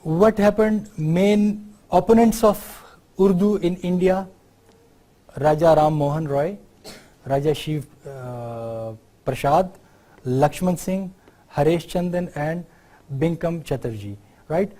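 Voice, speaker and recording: A man's voice: a little high, slow, pauses often, dark tone. A man from Pakistan with a Pakistani accent, giving a university lecture in an explanatory way and often checking in with the class through tag questions.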